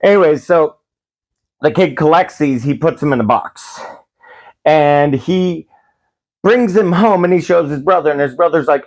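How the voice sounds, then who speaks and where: A man's voice: a little high, unhurried, pauses often, a little mellow. A man giving a rambling, profane comedic recap of a film, full of restarts and acted-out quotes. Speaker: movie reviewer.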